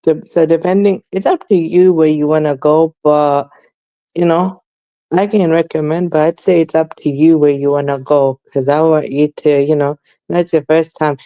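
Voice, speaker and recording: Young London man, flat rambling chat. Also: a little high, moderate pace, clean tone, dry recording, dull audio. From England. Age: young adult. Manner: rambling, repeats fillers like "basically" and "though". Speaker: guest. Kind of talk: casual chat.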